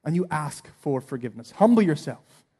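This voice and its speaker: Earnest preaching man, fairly high voice. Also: big pitch swings, a little fast, breathy edge. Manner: earnest, swings from soft to emphatic. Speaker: pastor. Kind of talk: sermon.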